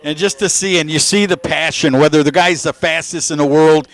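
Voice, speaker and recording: A man's voice: a little high, a little fast. Folksy man in his sixties calling races. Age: 60s. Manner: folksy storytelling, shouts with excitement at the action. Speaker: race commentator. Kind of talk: live drag racing commentary.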